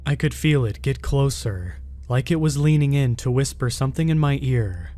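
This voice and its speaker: A man reading a first-person scary story aloud in a steady, measured way. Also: medium pitch. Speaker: horror story narrator.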